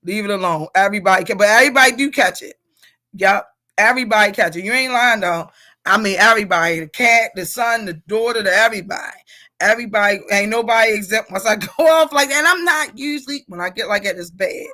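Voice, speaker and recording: A woman's voice: medium pitch, fast talker. A middle-aged woman leading a casual leadership workshop, reading out comments and laughing with the group. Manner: animated, laughing, talks to the group as y'all.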